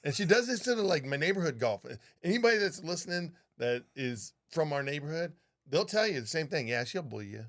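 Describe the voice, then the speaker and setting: A man co-hosting a podcast, telling a story in casual, animated talk with a lot of swearing. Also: a little high, fairly quick. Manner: animated, profane, acts out what people said. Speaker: podcast co-host, flight attendant.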